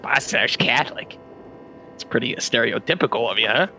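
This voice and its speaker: A man's voice: mid-range voice, a little fast, bright, forceful tone, soft background music, low-quality recording. A man voicing a brash male hired muscle with a put-on Bronx accent, blunt and streetwise in a tabletop game. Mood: cocky. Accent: put-on New York Bronx.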